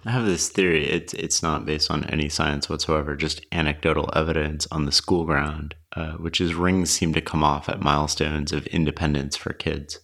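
A man's voice: very deep voice, flat delivery, normal speed, hardly any pauses, fairly bright tone. A man hosting a podcast interview who asks loose, casual questions and hedges often. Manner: loose, hedging with "like" and "sort of". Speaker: podcast host.

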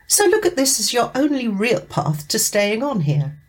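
A woman's voice: a little high, sing-song, moderate pace, pitched above the performer's own voice. A woman reading a story aloud and voicing a stern, pushy female programme director in a firm, bossy manner. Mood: pressing.

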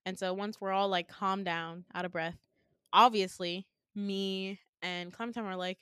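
A young woman co-hosting a casual chat podcast, recounting a dream with lively storytelling and acted-out voices. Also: medium pitch, a little slow, clear, resonant tone, dry recording, studio quality. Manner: animated storytelling, acts out quoted voices, laughs often.

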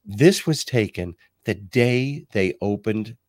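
Older guy hosting a talk show, deep raspy voice, super dry close sound. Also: no echo. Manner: animated, reads quotes aloud, pauses with ums. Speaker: podcast host. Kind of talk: casual commentary and storytelling.

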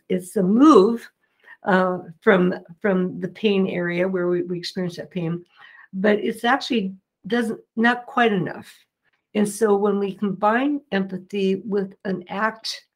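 A middle-aged woman, a mediator and interview guest, explaining earnestly with frequent fillers and restarts. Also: mid-range voice. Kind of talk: interview answers.

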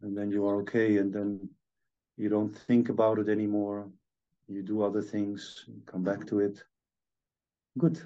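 A man calmly talking someone through a relaxation and stretching exercise, step by step. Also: on the low side. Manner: calm, slow step-by-step instructions. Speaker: movement teacher. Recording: dull lo-fi sound.

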